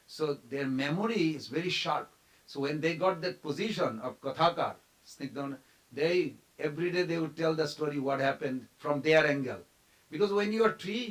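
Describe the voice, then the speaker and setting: A man giving a devotional storytelling class at a temple, animated, quizzing his listeners and briefly acting out the figures in the story. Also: on the high side, low-quality recording. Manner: animated, quizzes the audience, acts out quoted figures.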